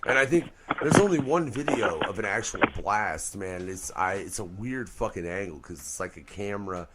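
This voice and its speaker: A man co-hosts a rowdy talk radio show, loose and joking, and he swears freely. His voice sits low but swings widely in pitch as he riffs. He laughs easily between points. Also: expressive, normal speed, background noise. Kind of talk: casual uncensored talk radio banter.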